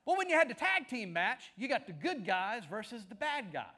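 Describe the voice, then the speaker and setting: A man preaching a sermon, telling stories with lively build-ups that rise to shouts. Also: very high voice, normal speed. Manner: animated storytelling, shouting at climaxes. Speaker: pastor.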